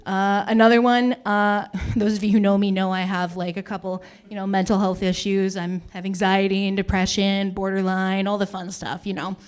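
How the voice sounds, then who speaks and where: A woman's voice: medium pitch, little pitch movement, normal speed, few pauses, clean tone. A young woman performs stand-up at an open mic in a chatty, self-mocking way, often laughing at her own jokes. Her voice sits in an ordinary middle register, and her delivery is loose and conversational. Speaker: stand-up comedian.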